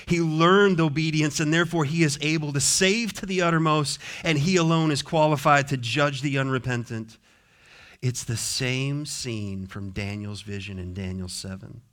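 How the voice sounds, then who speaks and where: A man preaching a sermon as pastor, moving between soft, gentle consoling passages and emphatic, repeated declarations. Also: a little high, moderate pace.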